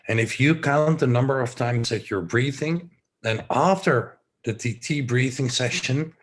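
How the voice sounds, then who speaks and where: A man from the Netherlands leading a guided breathing session, giving slow, soothing instructions with some relaxed, rambling asides. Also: mid-range voice, breathy edge. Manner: relaxed, rambling, self-joking.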